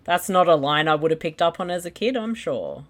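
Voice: medium pitch, lively intonation, fairly quick, fairly bright tone. A co-host in a casual movie commentary chat, teasing the other host and laughing often. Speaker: podcast co-host.

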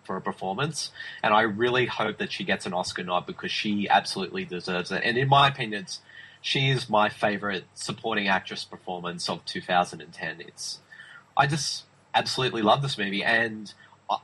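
A man's voice: fairly low pitch, a little fast, sharp tone, slightly rough, low-quality recording. A man talking films in a casual review chat, enthusiastic and emphatic, often restarting his sentences. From Australia. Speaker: film review podcast host.

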